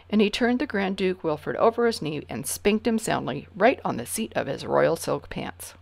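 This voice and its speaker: A woman reading a children's storybook aloud in an expressive way, dropping to whispers for suspense. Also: on the low side, normal speed, creaky. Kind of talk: reading a picture book aloud.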